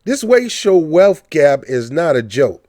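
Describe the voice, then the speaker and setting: A man's voice: on the high side, slow, no echo, studio quality. A man giving casual political commentary on his own channel, joking and mocking as he tells stories. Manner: joking, mocking, animated storytelling.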